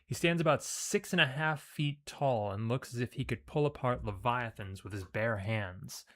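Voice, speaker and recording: At a moderate pace, a man with a mid-range, fairly bright voice reads aloud the story of the video game he's playing. The reading is relaxed, with loose emphasis and throwaway comments mixed in.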